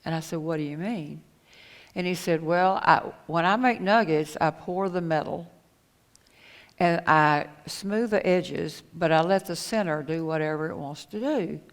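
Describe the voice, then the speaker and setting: A middle-aged woman speaking at a conference, telling a personal story in an earnest, halting way and retelling conversations. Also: low voice. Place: conference hall. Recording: echoey hall with long reverb.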